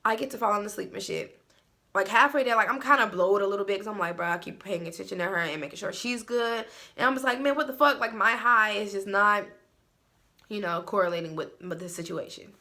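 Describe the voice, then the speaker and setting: A woman tells a casual story on her vlog, from her room at home. Her voice is bright and a little sharp. She talks loosely and swears a lot, with fillers all through. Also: mid-range voice, fairly quick. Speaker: vlogger telling a story.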